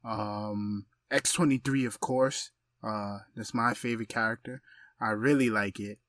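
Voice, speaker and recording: A man's voice: on the low side, steady tone, a little slow, fairly bright tone, no room sound, clean studio sound. A man co-hosting a podcast in casual chat, eagerly recommending what he likes. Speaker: podcast co-host.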